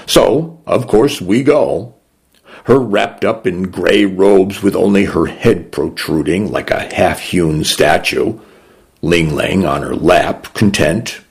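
A man narrating a story in the first person, in a measured, unhurried and somber way. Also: low voice, creaky.

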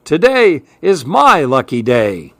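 A man voicing a sly male wolf in a read-aloud storybook, smooth and flattering. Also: fairly high pitch, slow pace, no room sound, clean studio sound, heavily acted.

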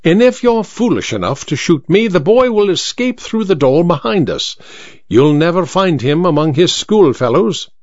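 A shrewd Victorian detective, played by a man, bland and utterly sure of himself, with a fairly high voice that rises and falls a lot. The recording is dry and somewhat dull. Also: big pitch swings, moderate pace, darkish tone, dry recording. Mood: cool. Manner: crisp, bland and self-assured.

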